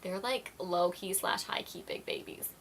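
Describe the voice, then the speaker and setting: A woman's voice: on the low side, measured pace, slight background noise. A woman vlogger chatting casually to camera, full of "like" fillers and apologies, acting out little quoted exchanges. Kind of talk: casual vlog chat to camera.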